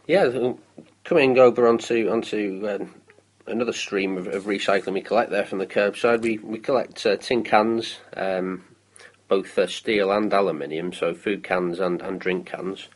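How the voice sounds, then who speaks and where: A man's voice: lowish voice, fairly even intonation, normal speed, rough recording. A man in his thirties from the UK, chatting on a local show about council recycling with many ums and restarts. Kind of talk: casual radio chat.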